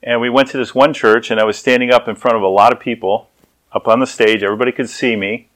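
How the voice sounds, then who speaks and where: Brief: male pastor, mid-pitched, conversational preaching, animated storyteller. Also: fast, rough recording. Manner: storytelling, acts out voices. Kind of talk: sermon.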